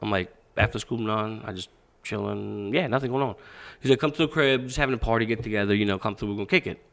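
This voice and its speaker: A man's voice: lowish voice, quick pace, vocal fry, a bit bright. Man, 30s, from Pakistan, podcast guest, casual storytelling, swears a lot, acts out quotes. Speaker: podcast guest, boxing coach.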